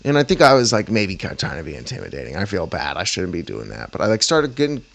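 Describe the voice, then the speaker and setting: A man telling a work story to the camera in a rambling, animated way, full of fillers and slang. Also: deep voice, fast talker, vocal fry. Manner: rambling, animated, heavy on "like" and "bro". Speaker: vlogger. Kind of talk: casual storytelling.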